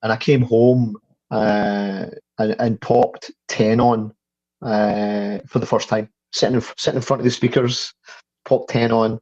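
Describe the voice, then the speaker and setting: A man's voice: lowish voice, little pitch movement, measured pace, darkish tone, dry recording, muffled recording. A Scottish man in his fifties, a guest telling a story in casual conversation, full of stuttered restarts and the odd swear. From Scotland. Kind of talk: casual interview chat.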